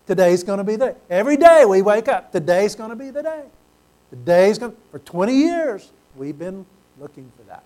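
High-voiced pastor preaching emphatically. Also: male voice, big pitch swings, fairly quick. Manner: emphatic preaching, swelling to loud praise, calls for amens. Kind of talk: sermon.

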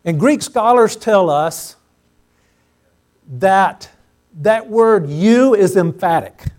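High-voiced preaching man, emphatic. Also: animated, slow pace. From Pacific Northwest US. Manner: emphatic, repeats phrases for stress, swells loud on key words. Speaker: pastor. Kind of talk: sermon. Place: church sanctuary before a congregation.

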